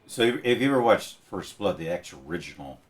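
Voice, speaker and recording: A man's voice: deep voice, big pitch swings, quick pace. An American man talking bluntly and crudely as a guest on a casual podcast chat. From United States.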